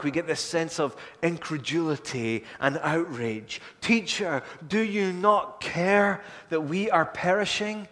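High-voiced preacher in a reverberant hall. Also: male voice. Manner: earnest, rising to urgent pleading then dropping soft and low. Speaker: pastor. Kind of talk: sermon.

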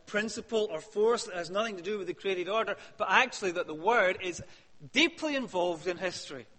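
A man preaching a sermon, emphatic, rising to loud peaks and dropping to hushed questions. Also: high voice. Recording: long hall reverb.

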